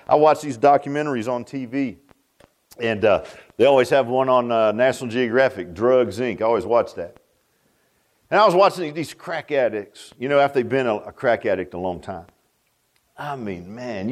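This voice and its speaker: A man preaching a sermon in a folksy, emphatic way, swooping between high and low.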